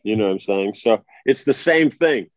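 A man's voice: lowish voice, animated, normal speed, no room sound, soft background music. A man giving an informal spiritual discourse in a conversational way, often checking that his listeners follow him. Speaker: spiritual teacher. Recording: dry, slightly dull lo-fi recording.

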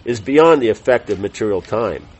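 With a fairly low, darkish, animated voice, a middle-aged man reads a text aloud in a scripture class, measured and deliberate, making small self-corrections and chatty asides. The audio sounds dull.

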